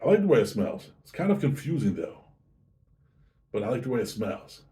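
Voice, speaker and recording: A man's voice: medium pitch, sing-song, brisk, dark tone. A man hosting his own whiskey review show, chatting casually and easygoing as he tastes and describes a drink. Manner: chatty, easygoing, self-correcting.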